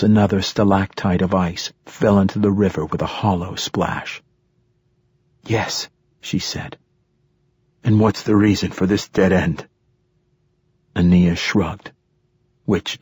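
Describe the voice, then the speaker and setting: A man narrates a novel in the first person with a steady, low-key delivery. His voice sits very low and sounds husky, and the recording is dry and close. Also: dry recording. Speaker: audiobook narrator.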